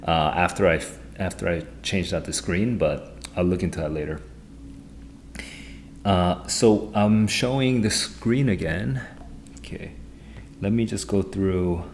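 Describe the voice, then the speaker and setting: A man streaming live as an SAT tutor, thinking aloud in an excitable, rambling way as he walks through test questions at his computer. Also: sits low, a little hiss or hum.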